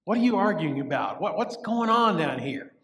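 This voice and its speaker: A pastor voicing a weary, commanding Jesus. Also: male voice, high-pitched, sing-song, normal speed, a bit bright, distant mic. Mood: emphatic. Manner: questioning, emphatic. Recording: echoey church sanctuary with long reverb.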